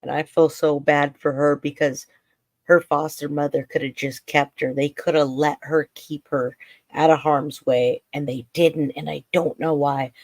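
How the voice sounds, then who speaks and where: A man's voice: a little high, level tone, a little slow, no room sound. A man hosting a true crime livestream, reacting emotionally to court footage, holding back tears, with his voice cracking as he talks bluntly.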